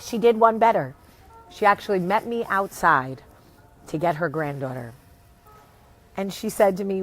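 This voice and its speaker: A woman's voice: mid-range voice, normal speed, long pauses. A woman in her thirties or forties with a New Jersey accent, casually telling a story on her vlog, acting out the people she quotes. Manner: animated, acts out quotes, swears casually. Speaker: vlogger, show host.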